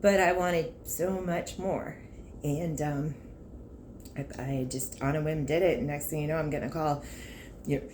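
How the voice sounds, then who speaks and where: Candid woman, lowish voice. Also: moderate pace, a little hiss or hum. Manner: candid and emotional, with laughs and frank asides. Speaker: car salesperson. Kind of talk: casual personal vlog talk.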